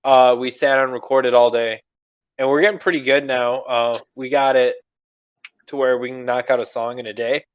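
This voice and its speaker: A young podcast co-host chats casually, rambling from thought to thought, swearing freely and laughing often. His middle-pitched voice is a little strained from recent screaming, clear and resonant, with fairly even intonation at a moderate pace on a lo-fi recording.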